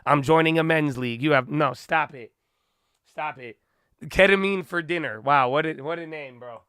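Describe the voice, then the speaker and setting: Slightly high and smooth at a moderate pace, this young man's voice comes through in dry, studio-quality audio. Hosting a casual trading live stream, he's hyped and full of slang, shouting out viewers while somewhat out of breath.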